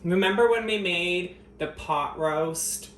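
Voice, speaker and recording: A man's voice: high-pitched, slow, a bit bright. Sarcastic, foul-mouthed man in an echoey kitchen. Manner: profane, sarcastic, mock-dramatic, teasing the viewers. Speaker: vlogger. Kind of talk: cooking vlog chat to camera. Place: home kitchen. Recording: echoey kitchen with faint ambient noise.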